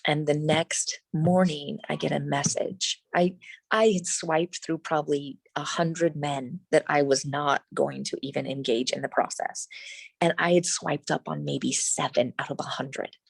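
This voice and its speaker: A middle-aged woman, a guest in an interview, telling a personal story in an animated, emphatic way with frequent restarts. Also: low-pitched, a little slow, creaky, breathy edge, no room sound, rough recording.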